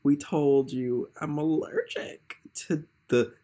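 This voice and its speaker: A man's voice: fairly even intonation, warm tone. A man voicing a scrawny, nervous male deputy who whines shrilly. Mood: whiny. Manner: whining, shrill and slow.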